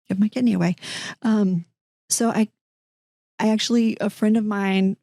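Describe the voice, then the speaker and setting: A middle-aged woman, a guest telling a personal story in an interview, animated and voicing the people in her story. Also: lowish voice, dry recording, studio quality. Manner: animated, acts out quoted dialogue, frequent restarts. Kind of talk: conversational storytelling.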